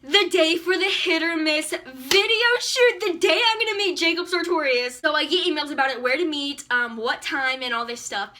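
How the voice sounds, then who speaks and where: A teenage girl telling a storytime vlog to her camera, excitable and gushing, with lots of "like". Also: high-pitched, moderate pace, few pauses. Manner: excitable, gushing, many likes. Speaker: vlogger.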